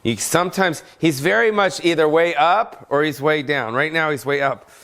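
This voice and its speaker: At home and unscripted, a man jokes and swears his way through a rambling rant on his podcast. The comedian host has a fairly high, somewhat bright voice and keeps a moderate pace.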